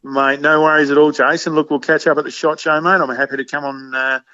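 A man's voice: a little high, little pitch movement, brisk, bright, forceful tone, no room sound, muffled recording. An Australian man guesting on a podcast, rambling casually and calling everyone mate. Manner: rambling, says "mate" constantly, friendly and eager. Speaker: guest, game meat cook. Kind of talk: casual interview chat.

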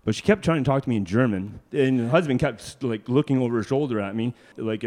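A man's voice: medium pitch, brisk, few pauses, a little mellow, long reverb tail. A man, a hitchhiker guest telling road stories in a casual, rambling way. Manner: rambling, many fillers and restarts, laughs often. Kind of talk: casual storytelling.

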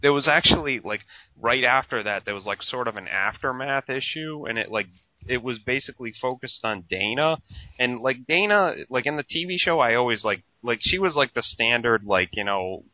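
A man's voice: mid-range voice, lively intonation, normal speed, no echo, dull audio. A man co-hosting a podcast, chatting casually and rambling, with lots of "like" and swearing. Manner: rambling, heavy use of "like", swearing. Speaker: podcast co-host. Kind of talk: casual chat.

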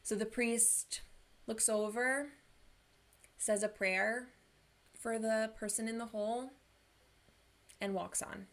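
An earnest young woman coaching listeners through a personal motivational talk. She talks casually and fills her speech with "like." Her voice has a gravelly fry. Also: on the high side, steady tone, slow, long pauses, fairly bright tone. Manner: earnest, casual, uses "like" a lot. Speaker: mental health coach.

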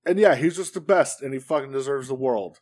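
A man's voice: medium pitch, fairly quick, a little mellow. A young man co-hosting a podcast in casual chat, enthusiastic and laid-back, with lots of swearing and slang. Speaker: podcast co-host.

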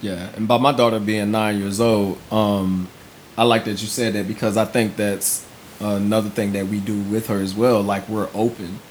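A man, a father, calmly telling how he talks with his young daughter and acting out their exchange. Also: fairly low pitch, normal speed, a little hiss or hum, poor audio. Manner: calm, storytelling, acts out dialogue with his daughter. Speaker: father of a nine-year-old. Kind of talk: casual panel chat.

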